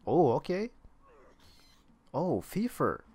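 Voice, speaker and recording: A man's voice: a little high, wildly swooping pitch, slow pace, mellow, slightly rough. A man giving casual gameplay commentary, thinking aloud and rambling as he explores an online game. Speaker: gamer playing online roleplaying servers.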